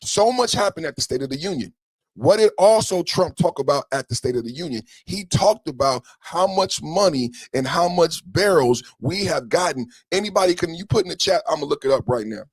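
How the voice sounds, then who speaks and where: A man hosting a podcast, giving heated, profane political commentary and often shouting. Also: a little high, expressive, fairly quick, breathy edge, no echo. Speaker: podcast host.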